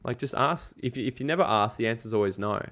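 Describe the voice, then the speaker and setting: A network marketing coach appears as an interview guest, talking fast in a medium-pitched, slightly bright voice. His motivational advice is emphatic and casual, with occasional swearing.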